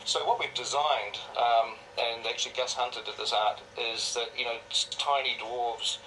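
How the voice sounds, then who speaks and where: A man's voice: medium pitch, steady tone, moderate pace, pushed and bright. A man hosting a live question-and-answer stream in a chatty, anecdotal storytelling way. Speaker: film director hosting a live Q&A. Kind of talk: casual live-stream chat. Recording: distant mic, faint noise.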